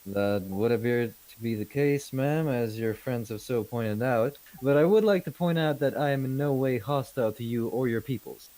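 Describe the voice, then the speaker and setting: A man's voice: medium pitch, moderate pace, few pauses, warm tone, lightly acted, rough recording. A man playing a formal, polite naval captain speaking as a trader and diplomat. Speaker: player.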